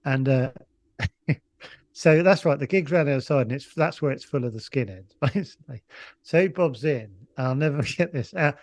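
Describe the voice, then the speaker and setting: A man's voice: on the high side, a little fast, darkish tone, no room sound. A middle-aged Englishman, a comedian guest, telling a rambling anecdote full of restarts and chuckles. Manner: rambling storyteller with frequent restarts and laughs. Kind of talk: casual anecdote.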